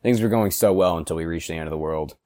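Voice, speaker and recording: A man voicing a rage-prone stitched toy creature, swearing through clenched anger, deep and low, dry close sound. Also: fast talker, mellow, no room sound, lightly acted. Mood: bitter. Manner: swearing, seething, bursts of rage. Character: furious sewn-together toy man, foul-mouthed. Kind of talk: dramatic reading.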